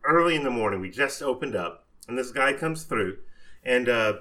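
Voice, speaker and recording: Man, easygoing storyteller, bright voice, mid pitch. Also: normal speed. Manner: relaxed storyteller, quotes coworkers and customers. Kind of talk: casual chat about retail work.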